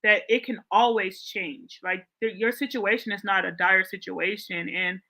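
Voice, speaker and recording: A woman's voice: medium pitch, fairly even intonation, moderate pace, sharp tone. A woman in her forties, a love coach hosting her show, telling a heartfelt story in a rambling, casual way full of "like" and "you know". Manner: heartfelt, rambling, heavy use of "like".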